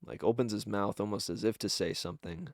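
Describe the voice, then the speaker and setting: A man's voice: on the low side, quick pace, creaky, no room sound, studio quality. A man narrating a tabletop game as game master, rambling and correcting himself with many fillers.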